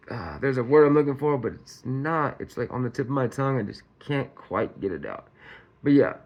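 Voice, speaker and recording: A male true-crime commentary host talks in a mid-range, darkish voice on a casual commentary vlog. He rambles, laughs often and is sarcastic, speaking colloquially and saying "y'all."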